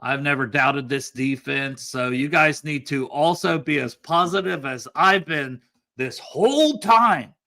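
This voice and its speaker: A man's voice: a little high, unhurried, vocal fry, sharp tone. A man guesting on a football show, ranting sarcastically and swearing heavily. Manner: sarcastic mock-positive rant, heavy swearing. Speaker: podcast guest. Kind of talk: casual sports show chat.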